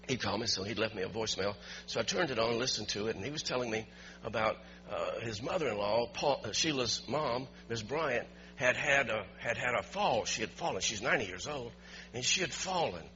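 A man preaching as a pastor, telling a story in an animated way and building to emphatic shouts, recorded in a church. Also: on the low side. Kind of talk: storytelling sermon. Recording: dull lo-fi recording with faint hum.

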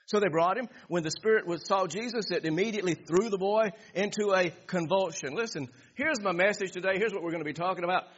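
A pastor preaching a sermon, reading scripture and repeating phrases for emphasis. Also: male voice, high-pitched, fast, hardly any pauses, a bit bright, slightly rough. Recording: dull echoey hall.

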